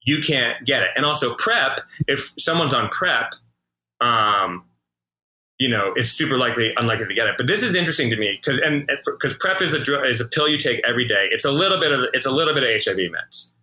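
A man comedian hosting a podcast, talking openly in a halting way with many restarts. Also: medium pitch, lively intonation, sharp tone, low-quality recording. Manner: halting, full of restarts and fillers. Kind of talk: casual podcast chat.

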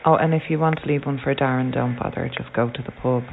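A man's voice: mid-range voice, steady tone, quick pace, vocal fry. A man voicing a grumpy, sarcastic working father on an answer phone greeting. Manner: dry, sarcastic. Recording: tinny noisy answer phone line.

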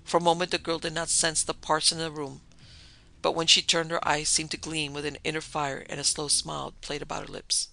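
A man narrating a dark story in a measured, dramatic way. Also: a little high, level tone, gravelly, poor audio.

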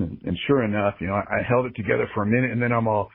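This podcast guest, a sports ring announcer, talks very fast with few pauses in a fairly low, husky voice with vocal fry. He is earnest and emotional, reflecting candidly on his life. The narrow-band, phone-like audio has no room sound.

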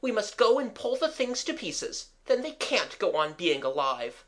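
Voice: medium pitch, very animated, measured pace, fairly bright tone, voice pushed up. A reader voicing a frightened young girl who shrieks in panic. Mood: defiant.

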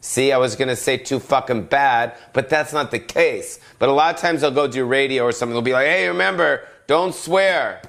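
Rambling man ranting, swearing, yelling. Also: medium pitch, fairly even intonation, a little fast, hardly any pauses. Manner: rambling, profane, self-interrupting, bursts of yelling. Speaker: podcast host. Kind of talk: solo comedic rant.

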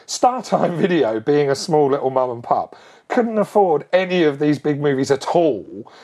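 A middle-aged man telling a long childhood story in a casual, animated way, full of quick asides. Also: a little high.

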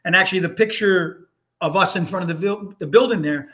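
A man's voice: high-pitched, fairly quick, pushed and bright. A man from Hartford, Connecticut, telling rambling firehouse stories in a casual chat, full of restarts and blunt, salty talk. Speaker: guest, firefighter. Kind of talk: casual storytelling.

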